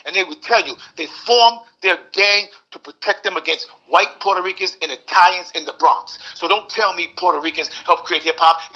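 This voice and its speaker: A man's voice: sits high, pushed and bright. A man in his sixties arguing heatedly as a podcast guest, mimicking voices and repeating words. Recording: dull lo-fi audio.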